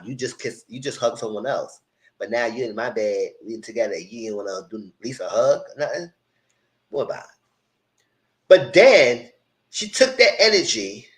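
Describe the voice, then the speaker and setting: A man giving a casual, animated live recap of a reality show, full of quoted asides. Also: mid-range voice, poor audio.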